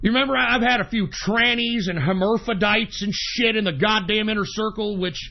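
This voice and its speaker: A man's voice: high-pitched, brisk, muffled recording. A man hosting a talk radio show, delivering an angry, profane political rant.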